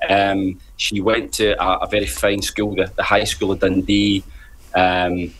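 A man commenting on a radio panel in a wry, hesitant way with many pauses. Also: low voice, little pitch movement, fairly bright tone. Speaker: panel guest.

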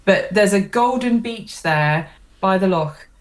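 A woman's voice: medium pitch, expressive, slow pace. A woman with a posh southern English accent, chatting as a guest on a phone interview, talkative with frequent ums and easy laughter. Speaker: guest commentator.

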